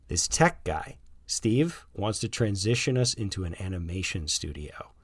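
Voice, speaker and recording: A man's voice: sits low, expressive, unhurried, breathy edge, dry recording, heavily acted. A man voicing a cheerful, teasing suburban father who works in animation. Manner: playful, teasing.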